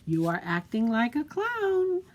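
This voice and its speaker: A woman's voice: on the high side, huge pitch swings, measured pace, noisy background, voice pushed up. Woman reading as a doting storybook mother. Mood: coaxing. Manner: sweet, coaxing. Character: doting mother coaxing her son.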